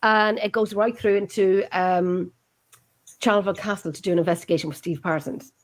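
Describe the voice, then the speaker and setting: A woman's voice: mid-range voice, fairly even intonation, fairly quick. An Irish woman hosting a chat show, chatty and enthusiastic, often repeating her phrases. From Ireland. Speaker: host.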